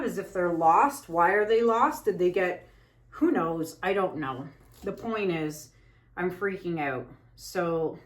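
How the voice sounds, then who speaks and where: A woman chatting casually while she paints, venting anxiously in a rambling way with many fillers. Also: medium pitch. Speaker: fluid art painter and channel host.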